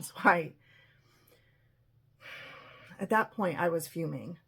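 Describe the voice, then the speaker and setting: A woman with a husky voice telling an emotional personal story, often quoting what others said. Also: fairly low pitch, takes it slowly.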